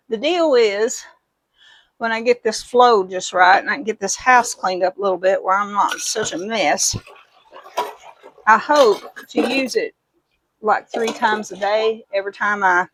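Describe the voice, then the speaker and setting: This woman's voice is medium in pitch and a bit bright, unhurried, with long pauses. She's a middle-aged homesteader and vlogger, doing dishes at home and spinning folksy, meandering tales, her Midwestern speech sliding into a Kentucky twang. The audio is rough.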